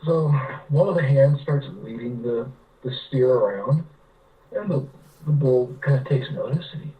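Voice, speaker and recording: A man's voice: medium pitch, far from the mic, dull audio. A man from California, a writer telling rambling anecdotes with many restarts in a casual interview. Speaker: guest, writer.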